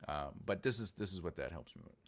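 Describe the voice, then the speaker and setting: A man's voice: low voice, animated, fast talker. A man who is an author and writing coach, talking casually and rambling with many fillers as he addresses viewers in a livestream writing tutorial. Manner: rambling, filler-heavy, talks directly to viewers.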